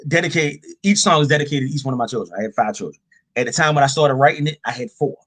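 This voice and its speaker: A man guesting as a rapper on a podcast, talking in a relaxed, loose way with many fillers. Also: mid-range voice, fast talker, no room sound. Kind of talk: casual podcast chat.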